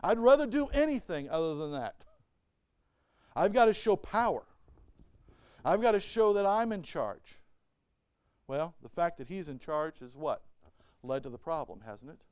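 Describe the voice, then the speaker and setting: A man's voice: high-pitched, a little mellow, smooth, dry recording. A male pastor preaching a sermon in church. He reads Bible verses and asks the congregation rhetorical questions. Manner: reads Bible verses aloud and explains them.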